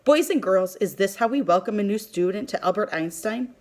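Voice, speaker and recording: A woman's voice: mid-range voice, expressive, a little fast, natural voice. A woman voicing a kind, cheerful schoolteacher in a read-aloud storybook, with a lifted, upbeat voice.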